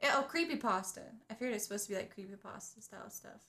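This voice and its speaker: A woman's voice: mid-range voice, lively intonation, rapid-fire, vocal fry, pushed and bright. A woman co-hosting a casual video-reaction chat, talking in a sarcastic way, swearing and laughing easily.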